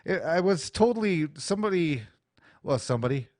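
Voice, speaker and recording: A man's voice: on the high side, expressive, fairly quick, darkish tone, dry recording. A man with an American accent hosting a small studio radio show, ranting bluntly and crudely in a rambling, profane way into a studio mic. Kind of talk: profane talk-radio rant. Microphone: studio mic with adjustable EQ.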